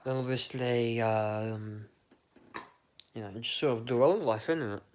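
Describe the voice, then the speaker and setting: A man's voice: medium pitch, fast talker. A man, rambling through an absurd, meandering monologue with casual swearing. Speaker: vlogger.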